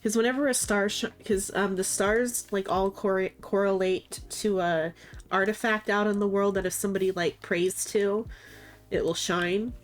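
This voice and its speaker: A woman's voice: medium pitch, fairly even intonation, moderate pace. A woman streaming live with a congested, stuffy voice, rambling casually and leaning on filler words. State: congested, sniffling. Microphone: desk microphone, mutes to sniffle.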